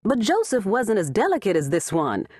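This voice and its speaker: A woman narrator voicing a sharp, cold grandmother in her late sixties for an audiobook, in a raised, cutting tone. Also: mid-range voice, huge pitch swings, normal speed, husky, no echo, studio quality, pitched above the performer's own voice. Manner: sharp and icy. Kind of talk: audiobook character voice.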